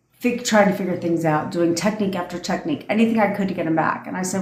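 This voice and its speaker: Blunt, profane woman, low voice. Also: fast talker, slight background noise. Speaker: manifestation coach. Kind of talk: livestream rant. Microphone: phone. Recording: echoey room.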